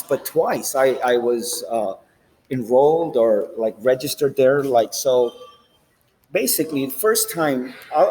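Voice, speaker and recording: A man's voice: mid-range voice, darkish tone, slightly rough, poor audio. A man vlogging in a rambling, profane monologue with street slang, recorded on a handheld phone inside a large train station.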